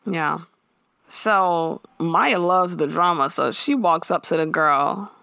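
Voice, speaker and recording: A woman's voice: lowish voice, slow, gravelly, sharp tone, clean tone, no echo, clean studio sound. A woman co-hosting a podcast, recapping a TV episode in blunt, slangy casual chat. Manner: blunt, slangy, laughs often. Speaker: podcast co-host.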